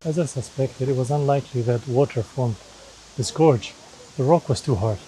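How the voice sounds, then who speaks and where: Chatty man vlogging outdoors, mellow voice. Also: mid-range voice, moderate pace, a little hiss or hum, low-quality recording. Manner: chatty, explaining sights to camera. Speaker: travel vlogger. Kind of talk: casual travel commentary while walking. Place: outdoors in a river gorge. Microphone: handheld camera held aloft.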